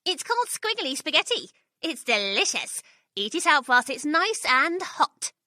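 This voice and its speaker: A spiteful, prank-loving old wife from a storybook, as a woman narrator puts her on. Her voice is very high and sharp, swinging up and down. She drawls slyly with sugary mockery. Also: big pitch swings, no echo, clean studio sound, exaggerated voice. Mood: sly gloating. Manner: sly, mock-sweet, slow and drawn-out.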